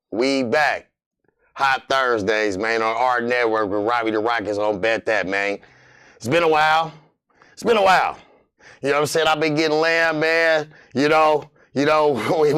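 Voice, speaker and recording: A man hosting a sports betting show, rambling loosely with lots of "man" and sudden loud outbursts. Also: a little high, smooth. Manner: rambling, repetitive, fillers like "man". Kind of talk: casual sports betting talk.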